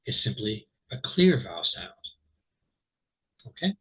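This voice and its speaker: A man's voice: lowish voice, very animated, measured pace, fairly bright tone, breathy edge, rough recording. A man teaching English pronunciation in an informal online lesson, rambling with lots of fillers and restarts and checking in with "okay?". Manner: explains patiently, checks in with "okay?".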